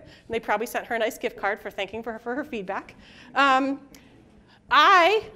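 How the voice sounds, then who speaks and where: A middle-aged woman giving a casual, jokey conference talk, chatting with quick asides and acting out the people she quotes. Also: high-pitched, a bit bright. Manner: acts out quoted people in shifting voices. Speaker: conference presenter. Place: conference room with live audience.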